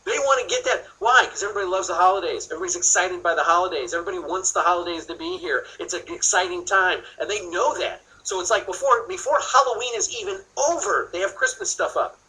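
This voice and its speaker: A man's voice: high-pitched, quick pace, hardly any pauses, bright, forceful tone, low-quality recording. A man teaching a sales seminar, asking questions and answering them himself. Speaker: sales trainer. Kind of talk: seminar training talk.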